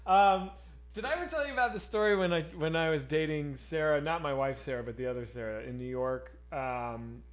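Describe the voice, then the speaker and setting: A man with a notably high speaking voice, co-hosting a casual streamed chat. He tells stories in an animated, excitable rush, swearing freely as he goes. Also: brisk. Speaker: podcast co-host.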